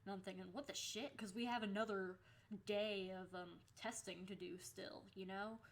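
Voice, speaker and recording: A young adult woman talking casually in a storytime vlog. She is animated, swears freely and acts out the lines people said. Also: mid-range voice, normal speed. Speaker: vlogger.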